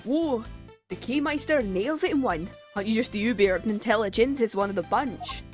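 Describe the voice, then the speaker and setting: A jaunty, easygoing older rogue of a lawyer, put on by a woman, full of slang and drawling cheer. The voice sits a little higher than her usual. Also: a little fast, soft background music, lightly acted.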